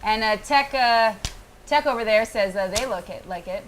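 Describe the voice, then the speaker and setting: Playful high-voiced woman co-host. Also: slight background noise. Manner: playful, quick to laugh. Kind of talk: casual podcast chat and news reading.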